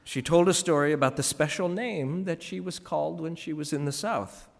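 A man delivers a scripted tribute commentary in a wry, measured storytelling manner. His voice sits slightly higher than usual. A long reverb follows every phrase. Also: gravelly.

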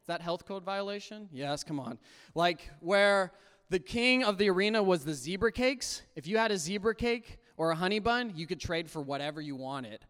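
High-voiced man telling a comic story in a hall. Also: normal speed, clean tone. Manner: animated, acts out his younger self in high squeaky voices. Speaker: storyteller speaking to a youth audience. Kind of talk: comic personal storytelling to a live audience. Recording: long hall reverb.

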